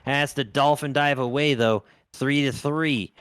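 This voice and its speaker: A man's voice: mid-range voice, fairly even intonation, unhurried, a bit bright, clear, resonant tone, no room sound. A man doing play-by-play commentary on an esports match, jokey and punning, laughing often. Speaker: esports caster.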